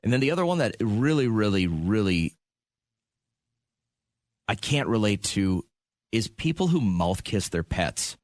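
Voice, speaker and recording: A man's voice: on the low side, sing-song, a little slow, long pauses, dry recording, studio quality. A man hosting a morning radio show, talking in a joking, self-deprecating way. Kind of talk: casual radio banter. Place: radio studio. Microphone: studio mic.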